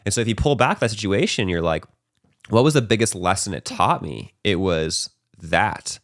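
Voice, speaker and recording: A man's voice: lowish voice, moderate pace, no room sound, clean studio sound. A man hosting a podcast, telling a personal story in loose, casual talk, often tagging his sentences with "right?". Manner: loose and conversational, peppered with "like", "right?" and "bro"; animated, acting out his own past panic. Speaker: podcast host.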